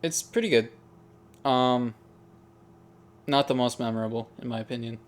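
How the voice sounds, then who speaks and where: A man's voice: medium pitch, normal speed. Casual man musing over song rankings. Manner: musing, hesitant, frequent ums and restarts. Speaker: music ranking video host. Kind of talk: casual tier-list commentary.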